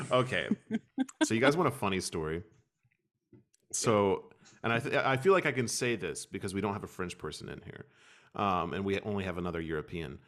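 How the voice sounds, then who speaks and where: A man hosting a podcast, telling a funny story in a casual, animated way. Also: on the low side. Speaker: podcast host.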